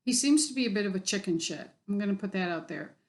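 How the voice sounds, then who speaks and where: A vlogger tells her story in a casual vlog, blunt and heavy on profanity, sounding exasperated and fed up. She's expressive and talks fast, her voice pitched at a middling level.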